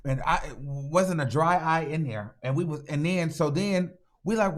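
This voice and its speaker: A man's voice: fairly high pitch, expressive, moderate pace, hardly any pauses. A man hosting his channel and recapping a movie in a slangy, dramatic way, repeating lines for emphasis and acting out sound effects. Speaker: movie reviewer and channel host.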